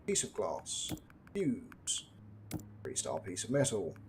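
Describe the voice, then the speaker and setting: A British gaming streamer with a fairly low voice talks slowly through a survival game, casual, dry and chatty, tossing off wry asides. His pitch swoops wildly, and clear background hiss sits under his home microphone.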